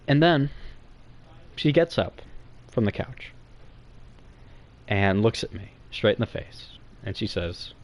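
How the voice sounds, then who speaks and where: A young man telling a comic story to friends in a rambling, profane, excitable way. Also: fairly high pitch, normal speed, pauses often.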